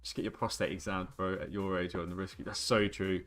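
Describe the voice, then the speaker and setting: A man's voice: low voice, steady tone, brisk, fairly bright tone, soft background music. A man in his twenties streaming a game, chatting casually and joking and rambling with his viewers. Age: 20s. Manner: joking, rambling banter with chat. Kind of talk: casual live-stream chat.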